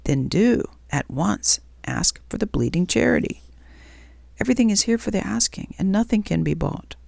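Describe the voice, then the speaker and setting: A woman voicing a gentle, joyful male spirit in whispered role-play, patient and reassuring. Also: medium pitch, sing-song, normal speed, vocal fry, no room sound, voice pushed up, heavily acted. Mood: serene.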